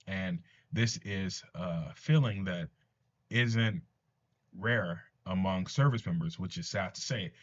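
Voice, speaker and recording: A man with a lowish voice talks through a comic story in a relaxed, earnest way. He adds his own thoughts as he goes. The recording sounds dull and lo-fi. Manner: earnest retelling with asides. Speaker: comics commentator. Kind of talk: casual comic recap narration.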